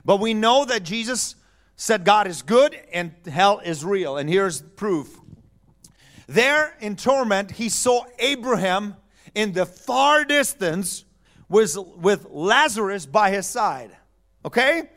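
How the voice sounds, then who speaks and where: A man's voice: high-pitched, a bit bright. A middle-aged man preaching a conversational sermon, telling the story and checking in with his listeners. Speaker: pastor.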